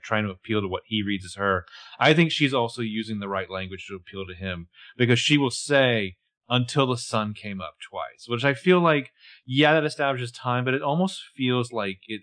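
A man's voice: medium pitch, fairly bright tone. A man co-hosting a podcast, casually picking apart a TV episode with wry, analytical asides. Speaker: podcast co-host. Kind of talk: casual chat.

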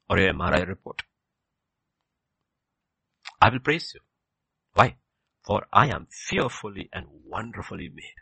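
A man preaching a sermon with passion, leaping from loud exclamations down to hushed near-whispers. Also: low voice, gravelly, slightly rough, no echo.

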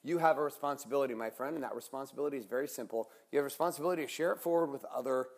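A man's voice: mid-range voice, racing, gravelly, dry recording. A middle-aged man hosting a motivational podcast, talking in an intense, emphatic and blunt way, with some swearing. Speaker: podcast host. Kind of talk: motivational monologue.

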